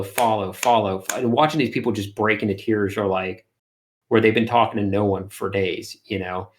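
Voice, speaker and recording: A man chatting as an interview guest, an energetic storyteller who uses lots of fillers. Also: fairly low pitch. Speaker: guest, art streamer. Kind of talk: casual interview chat.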